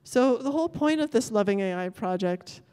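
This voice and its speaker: A woman's voice: a little high, animated, moderate pace, warm tone, clear, resonant tone. A woman giving a conference talk, thoughtful and often correcting herself as she goes. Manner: thoughtful, self-correcting, apologetic about technical glitches. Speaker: conference speaker. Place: large lecture hall. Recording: long hall reverb.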